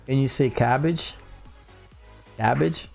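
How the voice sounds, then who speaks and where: A laid-back man from South Louisiana with a clear Cajun accent, talking loosely to his livestream viewers from home. His mid-pitched voice carries a gravelly, creaky edge, and faint music plays underneath. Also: moderate pace, a little mellow. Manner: laid-back, reads chat aloud, drawls "y'all". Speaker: livestream host. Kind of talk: casual livestream chat. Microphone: studio mic on a boom.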